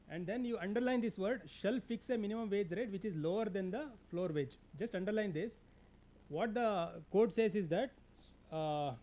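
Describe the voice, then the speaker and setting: A man with an Indian English accent lectures a class in a fairly high but mellow voice. He pauses often, restarts words and fills gaps with "uh". He tells his listeners plainly what to mark in their notes. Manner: halting, many fillers and restarts, directive. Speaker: lecturer on labour law. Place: lecture hall.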